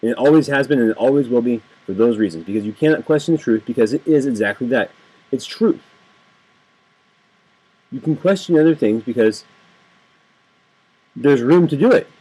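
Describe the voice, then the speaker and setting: Speaking to his home webcam on a rough recording, a political video blogger rants with passion and indignation, repeating phrases to drive his points home. His mid-range voice is dark and husky, animated yet moderately paced, with frequent pauses.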